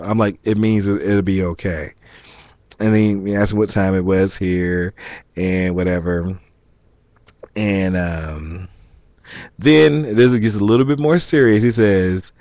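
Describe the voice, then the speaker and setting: An amused man recounts a story to his viewers in a relaxed, casual way, laughing now and then and reading messages aloud with wry emphasis. His voice sits low, and the sound is dry and a bit dull, like a lo-fi home recording. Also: a little slow, no room sound. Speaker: vlogger.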